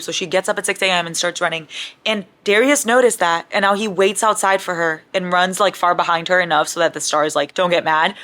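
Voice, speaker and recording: Gushing, swearing young woman vlogger. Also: on the low side. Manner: excitable, gushing, swears a lot. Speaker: book vlogger. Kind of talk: casual reading vlog chat.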